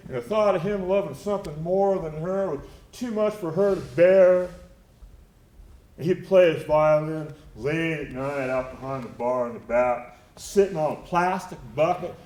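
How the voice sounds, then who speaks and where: A man with a high-sitting, darkish voice performs a theatrical one-man monologue on stage. He recounts his story in a reflective, tender and wry manner, captured in an echoey live theater recording.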